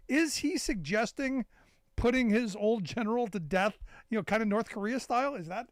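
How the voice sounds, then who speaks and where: A man's voice: high-pitched, animated, moderate pace, dry recording, studio quality. A man hosting a call-in talk radio show, chatting with a guest and cracking sarcastic jokes. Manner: wisecracking, sarcastic asides.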